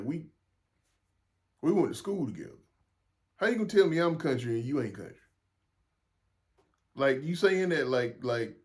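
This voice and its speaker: Rambling South Carolina podcast host. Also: male voice, mid-range voice. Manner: rambling, frank and profane, frequent repeats and restarts. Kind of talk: casual solo podcast monologue.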